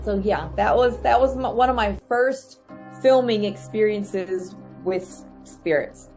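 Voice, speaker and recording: Animated woman telling a ghost story. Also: slow, faint music behind. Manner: lively, acts out her own reactions with sharp rises in pitch. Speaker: podcast guest, ghost hunter. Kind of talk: animated storytelling in a casual chat.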